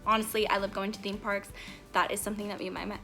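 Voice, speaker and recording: A woman's voice: medium pitch, little pitch movement, rapid-fire, fairly bright tone. Young woman, vlogger, bubbly, giggly, rambling, casual chat to camera, faint background music. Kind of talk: casual get-to-know-me vlog. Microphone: camera mic, talking to camera.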